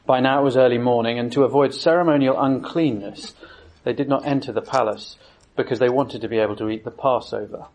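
A man reading a scripture passage aloud in a plain, measured manner. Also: mid-range voice, steady tone, a little mellow. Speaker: scripture reader.

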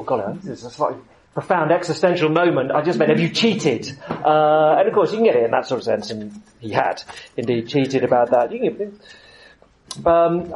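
Chatty middle-aged preacher, somewhat high voice. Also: male voice, darkish tone, poor audio. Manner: conversational, rambling with many fillers. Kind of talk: sermon.

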